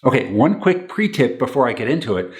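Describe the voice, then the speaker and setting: Man, mid-pitched, earnest advice presenter, hammers points home. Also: sing-song, a little fast. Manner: earnest, repeats key points, acts out example phrases. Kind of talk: instructional talk to camera.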